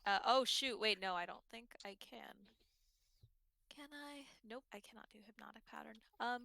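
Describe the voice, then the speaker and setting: A woman's voice: on the high side, moderate pace, gravelly, sharp tone. A woman playing a tabletop game, thinking aloud hesitantly with many fillers. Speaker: player.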